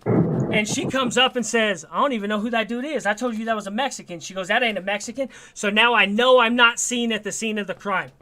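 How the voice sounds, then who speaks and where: A man's voice: high-pitched, a little fast, noisy background. A man telling streetwise stories in a casual, swearing chat. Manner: streetwise, swearing, animated storyteller.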